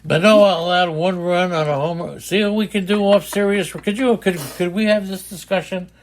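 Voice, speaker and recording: An older man with a high-pitched voice, co-hosting a casual fantasy baseball chat, teasing and rambling with fillers. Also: fairly even intonation, moderate pace. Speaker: podcast co-host.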